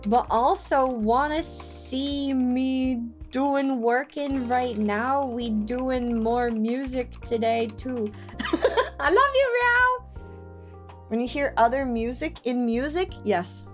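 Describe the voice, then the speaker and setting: A woman's voice: a little high, steady tone, takes it slowly, a little mellow, faint music behind. A young woman streaming live, chatting with her chat while working on a song and trying out lines by singing them.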